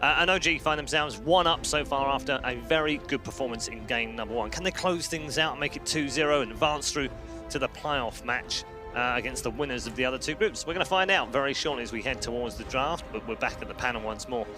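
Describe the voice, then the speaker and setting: A man's voice: mid-range voice, a little fast, music in the background. A man from the UK, hosting an esports panel in a chatty, teasing way. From United Kingdom. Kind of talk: casual panel chat.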